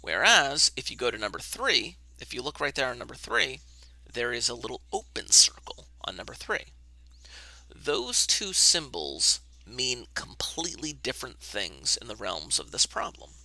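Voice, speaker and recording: Gravelly, bright-voiced male math teacher. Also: mid-range voice, big pitch swings, moderate pace. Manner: casual, talks to himself while setting up camera. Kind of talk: online class lesson. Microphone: webcam.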